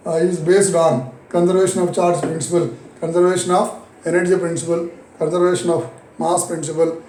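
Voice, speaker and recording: A man with an Indian English accent teaching a physics lesson, repeating key phrases slowly and answering his own questions. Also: on the high side, darkish tone, echoey room, slight background noise, low-quality recording. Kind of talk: recorded classroom lesson.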